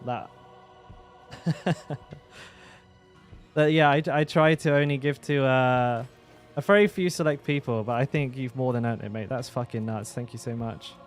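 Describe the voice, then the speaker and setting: A man's voice: medium pitch, a little slow, pauses often, soft background music. A man chatting casually to his live-stream audience while he plays a game, swearing freely, laughing, and often trailing off mid-sentence.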